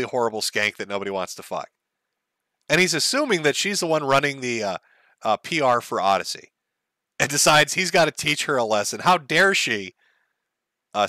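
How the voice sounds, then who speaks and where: Bright, sarcastic male streamer. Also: mid-range voice, no echo. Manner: mocking, deadpan sarcasm with laughs. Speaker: streamer host.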